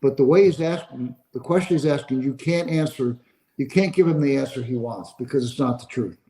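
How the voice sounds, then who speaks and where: An older man tells a story as a podcast guest, acting out the voices of the people in it with lively shifts. His voice is mellow and warm, at an ordinary pitch for a man. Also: fairly quick, rough recording. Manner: animated storyteller acting out dialogue. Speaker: sports agent, interview guest.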